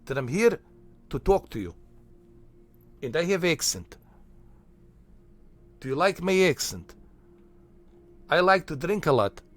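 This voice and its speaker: A man's voice: a little high, exaggerated voice. A man putting on a boastful mock-foreigner. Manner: mock-proud, broken English. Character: boastful comic foreigner from a made-up country.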